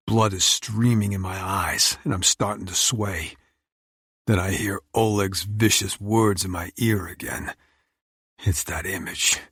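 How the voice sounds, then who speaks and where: A man narrating a first-person romance audiobook in an intense, measured, brooding way. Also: lowish voice, fairly bright tone, slightly rough, no echo, clean studio sound.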